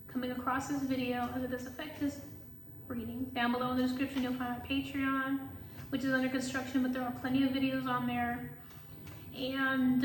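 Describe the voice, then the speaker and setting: A woman who reads tarot, telling a story in casual vlog chat, animated and full of filler words and swearing. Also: high voice, echoey room, distant mic, a little hiss or hum, rough recording. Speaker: tarot reader.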